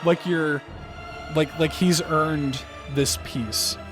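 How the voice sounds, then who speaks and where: Emotional, halting man on a podcast. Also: on the high side, steady tone, over music. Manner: emotional, halting, many restarts and fillers. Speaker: podcast co-host. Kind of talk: casual podcast discussion.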